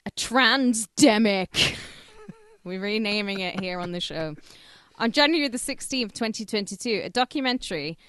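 A woman's voice: medium pitch, a bit bright, smooth, no room sound. Cumbrian woman, podcast co-host, teasing and giggly, dry close-mic sound. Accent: Cumbrian English. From Carlisle, England. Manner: giggly, teasing, quick to laugh. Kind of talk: casual comedic chat.

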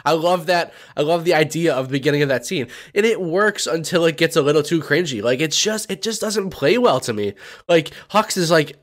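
A man's voice: fairly high pitch, lively intonation, fairly quick. A man co-hosting a movie podcast in casual chat, rambling with many restarts. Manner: rambling, lots of restarts and repeated words. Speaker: podcast co-host.

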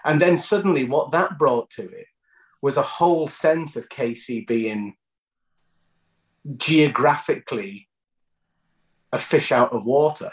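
A British man talks through his acting process in an easy, conversational way. He circles his points with false starts and doubled words as he thinks. The sound is roomy, with a clear echo. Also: mid-range voice. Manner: thoughtful, stumbling restarts and repeated words. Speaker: actor guest. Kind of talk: conversational interview answers.

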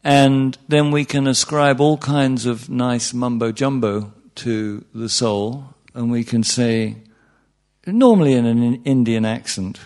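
A man's voice: medium pitch, takes it slowly, darkish tone. A man teaching meditation to a live audience in an informal talk, chatty and wry, often restarting sentences and asking the room questions. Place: speaking in front of a room of listeners.

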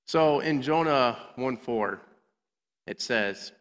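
A man's voice: mid-range voice, expressive, takes it slowly, fairly bright tone. A man giving a playful Bible lesson to children, acting out the characters in little voices. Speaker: children's minister. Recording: long hall reverb.

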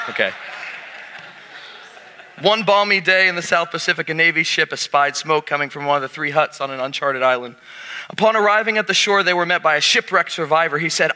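A man's voice: a little high, brisk, bright, forceful tone. A man, a pastor preaching a sermon to his congregation, with a jokey, emphatic manner. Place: church sanctuary. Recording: reverberant church hall.

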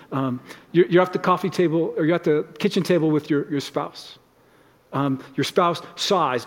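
A man's voice: on the high side, darkish tone, in a large hall. A man preaching a sermon as a pastor in his church, talking conversationally and acting out short everyday exchanges. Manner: conversational, acts out little example dialogues.

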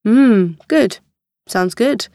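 A harried husband taking a call at work, voiced by a woman reading an audiobook. He sounds brisk and a little impatient and tries to smooth things over. The voice is dry and close. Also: fairly high pitch, animated, dark tone, no echo, full character voice.

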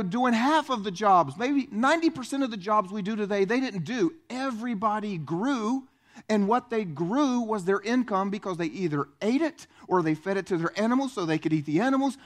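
A man pastor preaching a sermon, animated and acting out the voices he quotes. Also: sits high.

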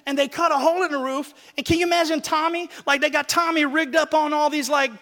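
A man preaching a lively sermon in church, acting out Bible stories in casual, slangy talk. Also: extremely high pitch, quick pace, big-room sound. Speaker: pastor.

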